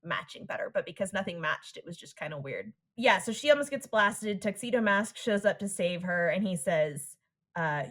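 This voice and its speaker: A woman's voice: medium pitch, expressive, moderate pace, a bit bright. A woman co-hosting a podcast, recapping a cartoon episode in a casual, wry and giggly way. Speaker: podcast co-host.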